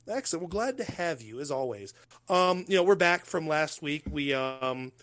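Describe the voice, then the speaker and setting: A man with an American accent hosting a casual podcast, joking loosely and talking in quick bursts. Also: a little high, lively intonation, fairly bright tone. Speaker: podcast host.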